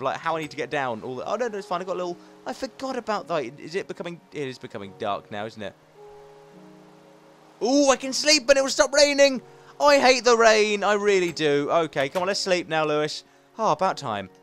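A young man chats through his gameplay in a lively, bouncy voice that climbs high and swoops around. He mutters to himself and pokes fun at his own mistakes. Faint game music plays underneath. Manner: chatty, talks to himself, playful and self-mocking. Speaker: gaming channel host. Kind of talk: casual let's play commentary.

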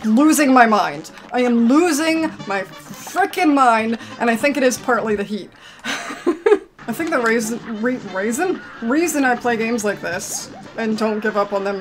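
Exasperated woman ranting over gameplay. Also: a little high. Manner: exasperated, grumbling, swings to outbursts. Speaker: gaming commentator. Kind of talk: frustrated let's-play commentary.

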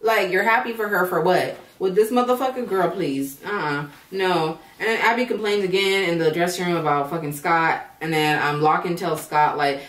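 A woman's voice: fairly low pitch, moderate pace, hardly any pauses. A woman recapping a reality show in blunt, profane casual commentary, sounding tired and drowsy. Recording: roomy echo, voice far from mic.

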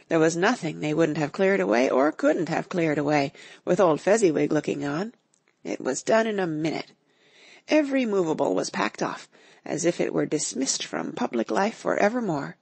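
Gravelly lively woman narrator. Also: fairly low pitch, normal speed, dry recording. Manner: expressive, lively storytelling. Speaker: audiobook narrator. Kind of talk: scripted narration.

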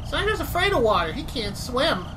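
High-pitched teasing woman, noisy recording. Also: very animated, brisk, a bit bright. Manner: teasing, dry jokes. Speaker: co-host watching the player. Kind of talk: let's play commentary.

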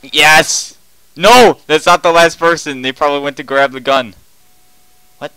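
Young man yelling over a game. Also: on the high side, steady tone, normal speed, clean tone, dry recording, low-quality recording. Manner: jumps between quiet muttering and loud panicked yelling. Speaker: gaming commentator. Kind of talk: excited gameplay commentary.

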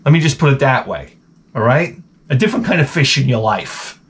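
A man hosting a comedy podcast, telling crude stories in a rambling, profane, deadpan way. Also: mid-range voice, brisk, slight background noise. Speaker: podcast host.

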